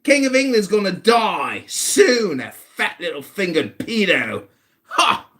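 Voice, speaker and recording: An American man in his forties hosting a livestream, trading mocking, shouted insults in a heated argument. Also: sits high, very animated, slow pace. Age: 40s. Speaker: livestream host.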